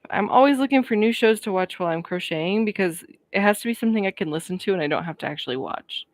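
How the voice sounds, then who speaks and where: An expressive woman's voice at medium pitch, recorded without echo, belongs to a Colorado livestream host in her thirties. Chatting casually, she answers viewers' comments with a friendly, talkative manner and frequent laughter.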